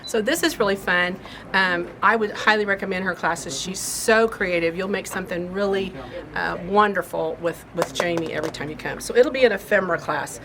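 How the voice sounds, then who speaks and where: A woman's voice: lowish voice, brisk, crowd noise. A woman hosting a craft shop's update video, chatting in a rambling, homespun way about upcoming classes. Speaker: shop host and class teacher. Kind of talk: casual shop-update chat. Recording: noisy shop recording.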